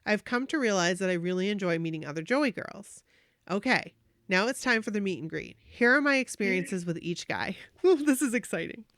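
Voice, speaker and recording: A woman podcast host reading a listener's fan story aloud, animated and gushing, with emotional asides. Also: mid-range voice, fairly quick, no echo, studio quality.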